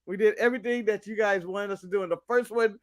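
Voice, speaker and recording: An American man co-hosting a casual wrestling podcast, joking and rambling with quick apologetic asides. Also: high-pitched, fairly even intonation. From United States. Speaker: co-host.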